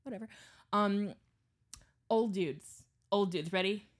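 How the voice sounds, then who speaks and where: A woman's voice: medium pitch, takes it slowly. A young adult woman co-hosting a podcast, telling stories in casual chat with lots of swearing and voices for the people in them. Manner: animated storyteller, swears freely, does voices of people in her stories. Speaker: podcast co-host.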